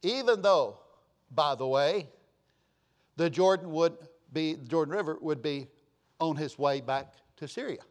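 A man preaching a sermon in a folksy way, repeating phrases for emphasis, with sudden loud bursts and quiet asides. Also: fairly high pitch, animated, unhurried. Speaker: pastor.

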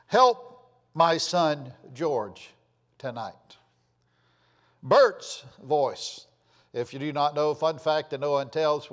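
Earnest preacher in a reverberant hall. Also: male voice, a little high. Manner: earnest, pleading, voice drops softly at phrase ends. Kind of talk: sermon.

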